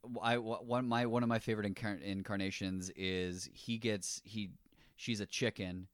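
A man with a very deep voice talks excitedly about a film, tumbling over his words and restarting sentences. The sound is dry and close, with no room around it. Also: normal speed, no echo. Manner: enthusiastic, rambling, restarts often. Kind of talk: casual film discussion.

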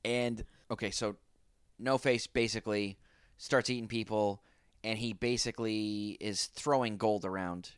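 A man co-hosting a podcast, calmly explaining plot points in a casual chat. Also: fairly low pitch, unhurried, clear, resonant tone, no echo, studio quality. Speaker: podcast co-host. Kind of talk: casual chat recapping a film.

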